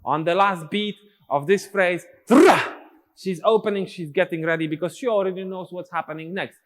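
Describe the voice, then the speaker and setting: A man's voice: sits high, fairly even intonation, brisk, big-room sound. A male dance teacher, explaining steps and counting rhythms aloud in syllables. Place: dance studio.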